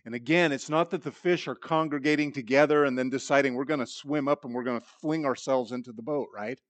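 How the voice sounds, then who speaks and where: A man's voice: mid-range voice, quick pace, no room sound. Earnest man preaching a sermon, dry sound. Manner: earnest teaching with rhetorical questions; repeats words when restarting. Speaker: pastor. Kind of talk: expository sermon.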